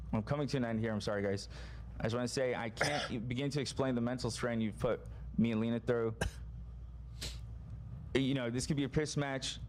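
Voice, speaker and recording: A man's voice: medium pitch, a little hiss or hum. A man making a sincere, emotional statement on a podcast, profane and hesitant, with frequent ums.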